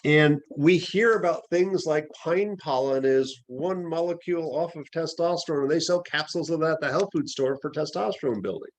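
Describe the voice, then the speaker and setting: Male teacher, light and easygoing, a bit higher-pitched than most men. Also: normal speed, hardly any pauses. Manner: casual, joking lecturing. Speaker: herbal medicine teacher. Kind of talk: classroom lecture.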